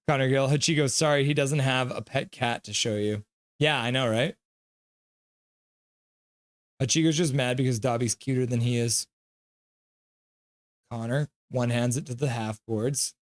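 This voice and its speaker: Male streamer, casual live reaction host, reads viewer comments and calls the action loosely. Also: mid-range voice. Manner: reads viewer chat aloud by name, mixed with loose play-by-play.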